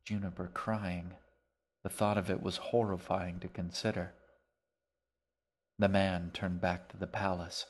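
A man reading his own novel aloud as a podcast, in measured, even storytelling narration. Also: deep voice.

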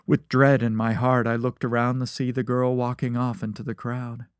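A man's voice: medium pitch, little pitch movement, normal speed, smooth, no echo. A man reading a first-person story aloud, with a dry, wry narrating manner.

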